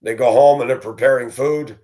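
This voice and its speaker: A man delivers a solo vlog monologue, indignant and blunt. He rants straight to camera in an average-pitched voice. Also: fairly even intonation, fairly quick, warm tone. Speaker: vlogger.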